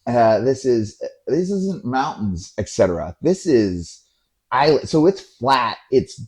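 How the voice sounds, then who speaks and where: A man hosting a podcast, telling a story in a casual, animated way, acting out voices and swearing now and then. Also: on the low side, slightly rough. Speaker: podcast host.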